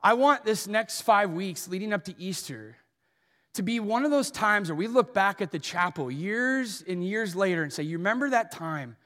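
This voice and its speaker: A man preaching a sermon as pastor, telling funny self-deprecating stories in an animated way. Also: sits high, moderate pace, big-room sound. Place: church auditorium.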